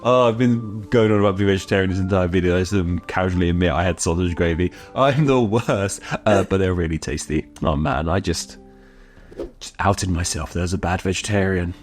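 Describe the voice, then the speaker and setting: A man's voice: sits low, fairly quick, soft background music. A British man from the United Kingdom giving a scripted explainer, chatty with self-mocking asides. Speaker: YouTuber explaining idioms.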